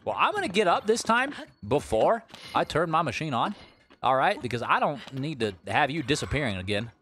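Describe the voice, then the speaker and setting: A man hosting a let's play, giving chatty, animated commentary with joking asides while he plays. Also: medium pitch. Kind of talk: video game commentary. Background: game music.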